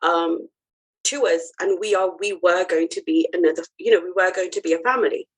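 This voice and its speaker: A woman's voice: fairly low pitch, a little fast, breathy edge, rough recording. A woman guest on a podcast, telling her personal story in an earnest, heartfelt way with frequent ums and restarts.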